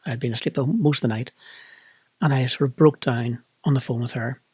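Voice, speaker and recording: Husky Northern Irish man telling his story. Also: mid-range voice, fairly even intonation, a little fast, darkish tone, no room sound. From Northern Ireland. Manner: reflective, candid, emotional. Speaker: vlogger. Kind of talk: personal storytelling monologue.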